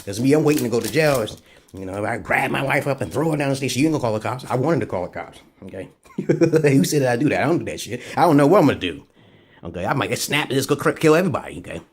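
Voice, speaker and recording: Vlogger, male, mid-pitched and husky; rambling profane rant, voice jumps up when agitated. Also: lively intonation, racing. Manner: heavy swearing, repeated "right?" and "okay?" asides. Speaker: vlogger giving dating advice. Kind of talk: rambling profane monologue to camera.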